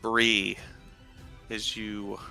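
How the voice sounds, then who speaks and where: A man runs a tabletop game, describing the action in a loose, rambling flow packed with fillers. His voice is strikingly bright and forceful, with faint music playing underneath. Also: fairly low pitch, level tone, extremely slow, vocal fry. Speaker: game master.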